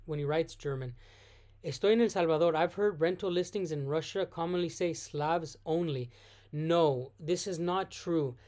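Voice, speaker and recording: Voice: mid-range voice, darkish tone. Live-streamer answering chat, self-correcting. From United States. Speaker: vlogger hosting a live stream. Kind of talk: casual live Q&A.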